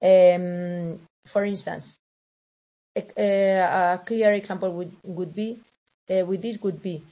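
Slow, hesitant woman lecturing. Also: lowish voice, steady tone, warm tone. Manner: hesitant, many fillers and self-corrections. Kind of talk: recorded lecture over slides.

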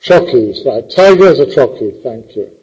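A man's voice: mid-range voice, lively intonation, normal speed, darkish tone, slightly rough, lo-fi sound. A man teaching a poetry class, quizzing the students with a teasing, theatrical, impatient manner.

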